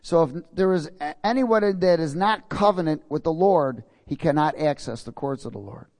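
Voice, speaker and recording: A man's voice: a little high, moderate pace, darkish tone. A man preaching a sermon in a folksy way, reading scripture and checking in with his congregation.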